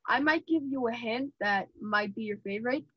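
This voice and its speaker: A woman's voice: fairly high pitch, moderate pace, husky, dry recording. A woman hosting an interview, asking playful, jokey questions in a casual chat. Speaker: host. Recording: dry, dull lo-fi sound.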